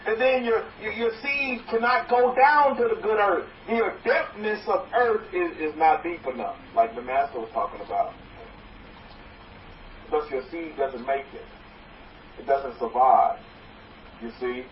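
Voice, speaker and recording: A high-pitched man preaches from some distance away, his voice bouncing around an echoey room. The sound is muffled and dull, with faint noise underneath. He exhorts his listeners in a rambling way, restarting sentences as he goes. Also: expressive, a little slow. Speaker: rabbi. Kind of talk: sermon.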